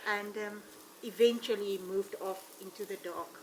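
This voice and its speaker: A woman, a safari ranger, telling animated stories with frequent ums. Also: mid-range voice, moderate pace, background noise. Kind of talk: telling anecdotes in an interview.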